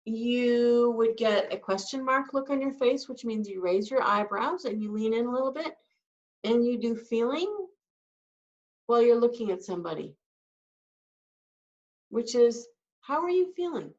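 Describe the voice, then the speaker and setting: A woman's voice: a little high, animated, measured pace, long pauses, roomy sound. A woman teaching sign language, patiently explaining each sign step by step. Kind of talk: slow, patient instruction. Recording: dull lo-fi sound, from a distance.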